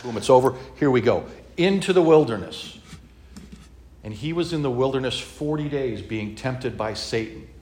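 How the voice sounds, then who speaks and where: A man giving a conversational sermon as pastor, often checking in with his listeners and adding humorous asides. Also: mid-range voice.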